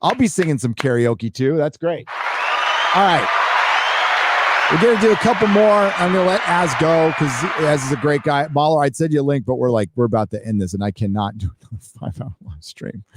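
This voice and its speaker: A man hosting a loose live stream at a mid pitch, swearing freely and rambling between donation readouts. His voice sits close and dry, with no room sound around it. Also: no room sound. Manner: rambling, profane, excitable. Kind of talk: casual live-stream chat, reading donations.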